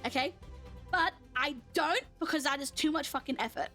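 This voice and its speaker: A woman's voice: sits high, normal speed, pushed and bright, soft background music. A woman streamer chatting casually while playing a game, laughing often and answering her chat as she goes.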